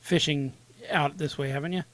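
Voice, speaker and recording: A man's voice: fairly high pitch, steady tone, normal speed, fairly bright tone. A man co-hosting a casual podcast, laid-back and wisecracking. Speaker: podcast co-host.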